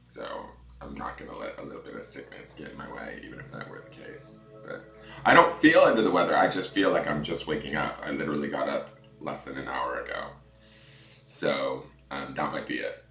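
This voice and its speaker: Deep-voiced male tarot streamer, chatty and gently guiding, roomy echo. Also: fairly quick, gravelly. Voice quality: deep morning voice. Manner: chatty, reads viewer comments aloud. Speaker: tarot reader. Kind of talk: livestream chat and guided breathing meditation.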